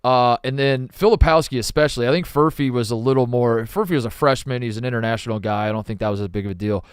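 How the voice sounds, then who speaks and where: Male co-host, casual rambling sports talk, clean smooth tone. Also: medium pitch, fast talker, dry recording, studio quality. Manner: rambling, laughs easily, repeats himself. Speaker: podcast co-host.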